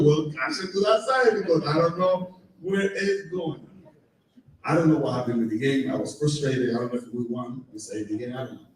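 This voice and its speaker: A middle-aged man telling lively stories to a live audience, laughing often and acting out dialogue. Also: on the high side, noisy background. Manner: animated, laughing storyteller, acts out dialogue. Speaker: guest speaker at a live fan event. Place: event hall with audience. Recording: very echoey hall, voice far from mic.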